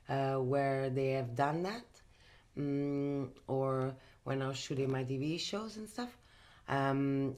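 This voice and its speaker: A woman's voice: extremely low pitch, darkish tone. A woman from Italy with an Italian accent, chatting casually in a makeup vlog from her bedroom, emphatic and full of fillers. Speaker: host.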